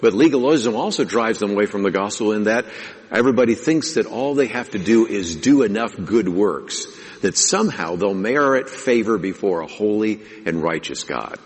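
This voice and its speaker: A man's voice: on the low side, animated, normal speed, husky. A man preaching a sermon as pastor, teaching in a conversational way and asking his listeners rhetorical questions. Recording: long reverb of a large hall.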